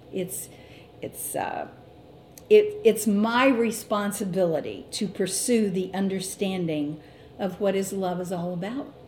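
A middle-aged woman teaching a Bible lesson, speaking slowly and deliberately and quoting scripture. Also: on the low side, darkish tone, a little hiss or hum. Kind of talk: sermon. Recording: echoey room with faint ambience.

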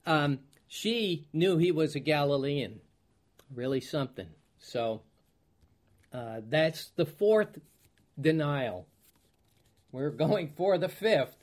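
A man teaching from the Bible as a pastor, reading scripture aloud and often pausing to find his place. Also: fairly high pitch, lively intonation, a little mellow. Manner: slow, searching, clears throat, loses place; reads scripture aloud in King James wording.

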